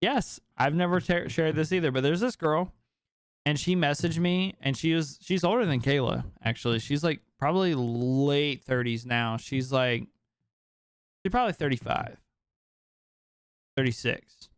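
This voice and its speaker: Smooth-voiced young man telling a story. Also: a little high, moderate pace, no room sound, studio quality. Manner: animated, profane, heavy filler words. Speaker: podcast speaker. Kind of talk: casual storytelling chat.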